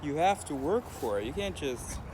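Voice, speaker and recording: A man's voice: fairly high pitch, sing-song, moderate pace. An American man talking casually to the camera while hitchhiking, thinking aloud with many fillers. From United States. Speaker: hitchhiking vlogger. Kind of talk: casual vlog talk to camera. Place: outdoors by a road and in a vehicle. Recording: noisy outdoor and traffic background.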